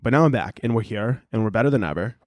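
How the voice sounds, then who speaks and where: A man's voice: lowish voice, lively intonation, fast talker, no echo. A young man hosting a comedy podcast, rambling casually with lots of filler and acting out little scenes. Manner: rambling, heavy on filler, acts out bits in quoted voices. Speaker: podcast host.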